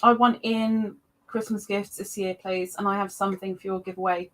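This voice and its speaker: A woman hosting a casual livestream chat, greeting viewers by name with excited jumps in her voice. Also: mid-range voice, moderate pace, a little hiss or hum. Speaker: livestream host.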